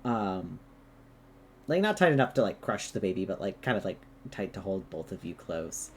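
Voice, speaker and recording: A woman's voice: extremely low pitch, sing-song, moderate pace, a little mellow, a little hiss or hum. A woman narrating as game master, rambling with many fillers.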